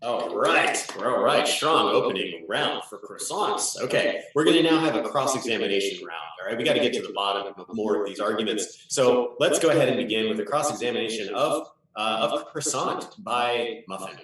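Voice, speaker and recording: A man hosting an online improv comedy show as a mock judge, running the rounds in a brisk, playful way. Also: on the low side, expressive, fairly bright tone. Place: home room on a video call. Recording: echoey room, far from mic.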